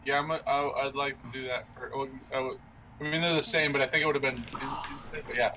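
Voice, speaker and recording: A man's voice: medium pitch, fairly even intonation, fast talker, noisy background. A man playing a tabletop game, speaking hesitantly and repeating words while he thinks. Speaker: player. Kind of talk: casual tabletop play.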